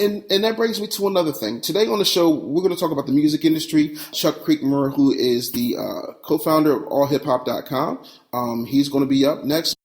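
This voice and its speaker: A man hosting a business podcast, talking in a brash, in-your-face, streetwise way. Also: medium pitch. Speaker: podcast host and business coach. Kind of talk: casual podcast talk and ad reads.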